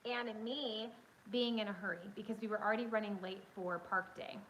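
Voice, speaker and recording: A woman's voice: medium pitch, fairly quick, a little hiss or hum, low-quality recording. Chatty woman streaming from her phone. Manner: chatty, excitable, addresses viewers directly. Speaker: livestream host. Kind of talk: casual storytelling chat.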